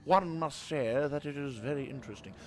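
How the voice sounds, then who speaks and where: A man putting on the voice of a posh, fussy Englishman who dotes on his spaceship, in a plummy, drawn-out, self-mocking way. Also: medium pitch, lightly acted. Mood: lofty.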